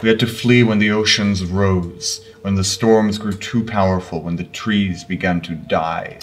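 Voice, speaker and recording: A man voicing an ancient, weary albino man with red eyes, speaking slowly and gravely in a put-on Russian accent. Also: low voice, steady tone, distant mic, pitched below the performer's own voice. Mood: solemn. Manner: slow, grave, heavily paused.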